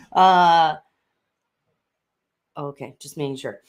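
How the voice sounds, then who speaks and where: A woman hosting a casual political chat at home, upbeat and chatty with frequent fillers. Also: medium pitch. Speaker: podcast host and congressional candidate. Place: room in a house under renovation.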